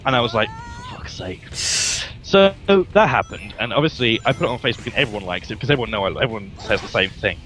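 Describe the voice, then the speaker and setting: A man's voice: fairly low pitch, racing, few pauses, bright, forceful tone, soft background music, rough recording. A young man from England, telling a story to a friend in a casual, joking way with some swearing. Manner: chatty, swears casually, jokes at himself. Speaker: vlogger.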